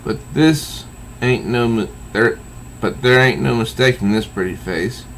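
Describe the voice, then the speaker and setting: A man's voice: medium pitch, measured pace, a little hiss or hum, close to an everyday voice, poor audio. A man voicing an odd young man with ancestral memory powers, speaking casually and hesitantly. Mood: offhand. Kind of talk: reading comic dialogue aloud.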